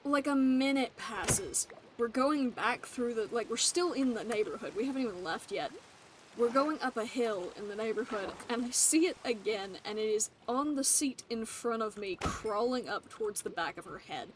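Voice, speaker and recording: A chatty young woman tells a story to her stream, laughing between the lines. Her voice sits a little high. Soft background hiss runs under it. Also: moderate pace. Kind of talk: casual storytelling while gaming.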